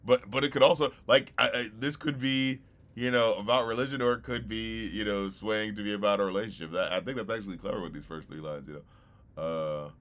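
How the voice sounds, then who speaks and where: A man hosts a listening stream and talks over the music in a loose, rambling way. His voice sits slightly low, and he keeps circling back with fillers and easy profanity as he works out his thoughts. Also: a little fast, a bit bright. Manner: rambling, heavy on fillers and "you know what I mean", swears casually. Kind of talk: casual reaction commentary.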